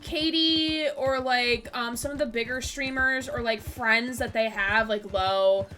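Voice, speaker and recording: A woman's voice: fairly high pitch, a little slow, bright, forceful tone, a little hiss or hum. A young woman streaming a game live, chatting casually with lots of filler words and breaking into giggles and squeals. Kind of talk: casual live-stream chat while gaming.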